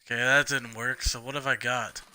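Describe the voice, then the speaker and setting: A man's voice: medium pitch, little pitch movement, normal speed, bright, forceful tone, soft background music. A man casually thinking aloud while streaming a let's play. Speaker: streamer playing a game.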